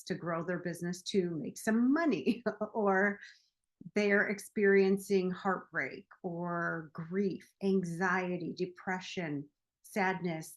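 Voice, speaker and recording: A woman hosting a show, talking casually to the camera in a playful, chatty way and laughing at herself. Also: on the low side. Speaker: host.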